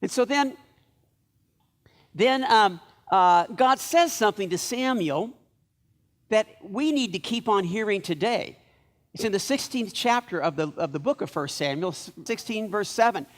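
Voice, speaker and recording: A man preaching a sermon as pastor of a church, telling stories in a lively way and acting out the lines of the people in them. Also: high-pitched, a little slow.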